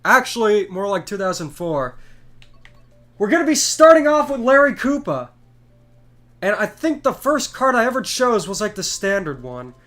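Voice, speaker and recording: Congested young man, high voice. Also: moderate pace. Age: 20s. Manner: chatty and excitable. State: congested from a cold. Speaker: game streamer. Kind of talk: casual live stream chat.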